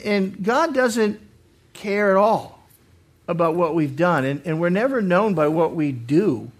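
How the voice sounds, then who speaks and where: A male pastor preaching a Bible study sermon in an earnest way, often repeating words as he restarts. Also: sits high. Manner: acts out quoted speakers with sudden loud lines.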